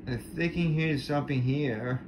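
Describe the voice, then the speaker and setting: A man giving commentary while playing a horror game, jumpy and exclaiming loudly when startled. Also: medium pitch, normal speed, background noise. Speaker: gamer.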